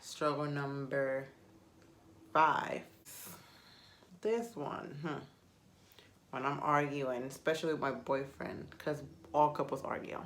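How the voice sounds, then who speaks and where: A woman's voice: a bass voice, takes it slowly, pauses often. A woman whose first language is Spanish, chatting casually to camera and rambling with self-mocking humor. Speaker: vlogger.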